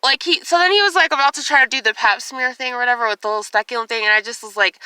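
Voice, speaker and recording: A woman's voice: on the high side, racing, hardly any pauses, pushed and bright, clean tone, dry recording. A young woman vlogging in a distressed, tearful state, rambling with lots of "like" and swearing. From United States. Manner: rambling, heavy use of "like", profane. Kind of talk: casual personal vlog rant.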